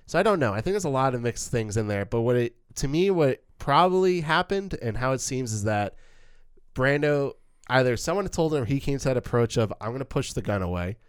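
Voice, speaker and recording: Smooth-voiced man breaking down a film. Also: mid-range voice, a little fast, no room sound, clean studio sound. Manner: animated, stumbles and restarts, acts out quoted lines. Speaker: podcast co-host discussing a film. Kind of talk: casual film analysis chat.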